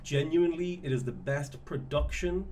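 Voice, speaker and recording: A man casually coaching a friend through a strategy game, giving relaxed tips with the odd curse. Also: on the high side, moderate pace, slight background noise. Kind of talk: casual gameplay chat.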